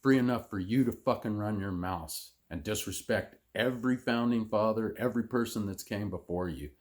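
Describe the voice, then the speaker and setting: A man's voice: lowish voice, moderate pace, darkish tone. A man delivering an angry, sarcastic, profanity-heavy rant as a vlogger. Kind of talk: profane political rant to camera.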